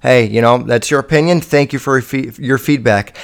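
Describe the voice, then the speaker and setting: A man's voice: mid-range voice, fairly quick, vocal fry, clear, resonant tone. A young man hosting a podcast, talking in a rambling, profane monologue full of fillers. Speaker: podcast host.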